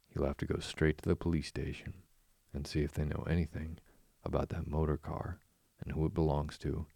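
A man's voice: a bass voice, gravelly, no echo, heavily acted. A man voicing a stern, practical male water rat who speaks firmly and sharply in a storybook reading. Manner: firm, sharp, exasperated.

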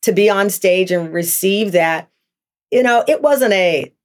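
A woman's voice: mid-range voice, a little slow. A woman in her fifties, a talk show host being interviewed, speaking candidly and animatedly, acting out past exchanges in a raised voice.

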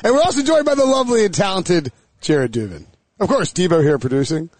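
A man hosting a casual sports podcast outdoors, energetic and joking with quick asides. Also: high voice, dry recording. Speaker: podcast host. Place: outdoors near a stadium set.

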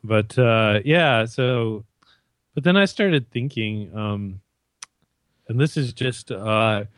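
A man's voice: fairly low pitch, slow pace, no room sound, clean studio sound. A Canadian man co-hosting a podcast, rambling and joking with lots of fillers and restarts. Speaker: podcast co-host. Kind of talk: casual chat.

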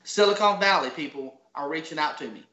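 On a podcast interview, a guest who founded an app talks in a folksy, motivational Georgia Southern manner and restarts sentences along the way. His voice is a little high, fairly quick, bright and forceful. Echo and a dull lo-fi quality mark the recording.

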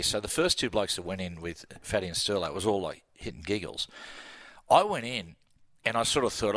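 A man's voice: on the low side, normal speed, pushed and bright, dry recording. An Australian man, a sports commentator guest, telling a laughing story in casual radio chat. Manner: yarn-spinning, laughing storyteller.

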